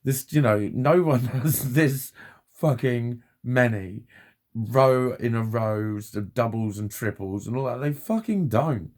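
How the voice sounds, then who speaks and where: A man's voice: medium pitch, slow pace, a little mellow. A man in his forties, talking in a rambling personal vlog monologue, sweary and chatty, laughing at himself often. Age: 40s. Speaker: vlogger.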